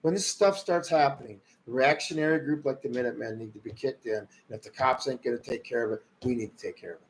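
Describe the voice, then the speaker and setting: A man hosting a livestream, ranting about politics in a heated way, swinging from loud outbursts to low muttering. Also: quick pace, low-quality recording. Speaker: livestream host. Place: rural home.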